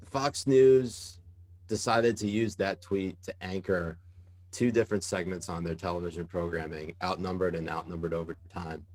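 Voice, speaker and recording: A journalist guesting on a casual podcast tells animated stories full of fillers and bursts of laughter. His voice is low-pitched and at normal speed.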